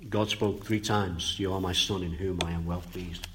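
Emphatic male preacher, low-voiced. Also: fairly even intonation, moderate pace, background noise. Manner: swings between loud emphatic bursts and quiet low asides. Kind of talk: sermon.

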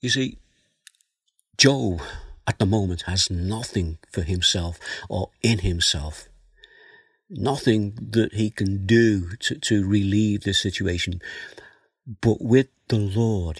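A man giving a slow, earnest Bible teaching sermon, reading verses aloud and then explaining them. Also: fairly low pitch, slightly rough, dry recording, studio quality. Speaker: preacher.

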